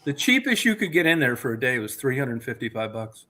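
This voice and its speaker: A man in mid-pitched casual chat, ranting and swearing freely as he tells a long grievance story. He talks like a host catching up with a regular listener. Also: sing-song, brisk, pushed and bright.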